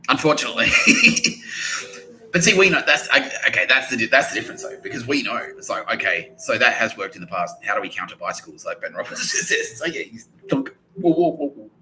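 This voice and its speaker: A man's voice: lowish voice, fast, bright, forceful tone, slight background noise, poor audio. A man hosting a podcast, rambling and laughing often, swearing and acting out quoted voices. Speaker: podcast host. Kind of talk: rambling monologue.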